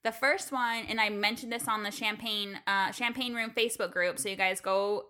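A woman co-hosting a podcast in casual chat, telling animated stories about her son and acting out his lines. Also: medium pitch, normal speed. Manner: animated storytelling, acts out her toddler's lines. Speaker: podcast co-host.

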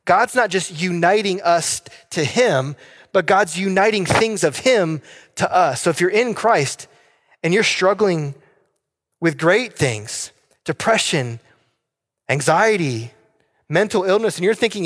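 A male pastor preaches in an earnest, pleading way and keeps asking his listeners questions. His voice sits a bit higher than most men's. A long reverb trails after his words in a large hall. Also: animated, measured pace, a bit bright. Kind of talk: sermon.

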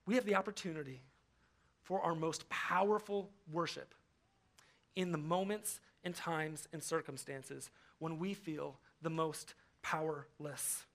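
A man's voice: fairly high pitch, steady tone, measured pace, a bit bright. A man pastor giving a casual, conversational sermon, often acting out the voices he quotes. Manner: conversational, acts out quoted voices, frequent fillers. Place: church.

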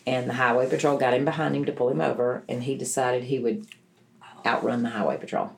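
A woman's voice: a bass voice, steady tone, a little fast, vocal fry, a little hiss or hum. A middle-aged woman, a guest in an interview, telling her personal story in an earnest, emotional way, often restarting her sentences. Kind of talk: personal testimony in conversation.

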